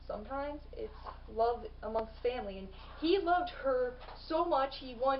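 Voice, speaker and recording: A woman's voice: sits high, far from the mic, dull audio, slight background noise. Bubbly young woman vlogging about books. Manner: bubbly, lots of "like" and restarts. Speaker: book vlogger. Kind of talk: casual book review vlog.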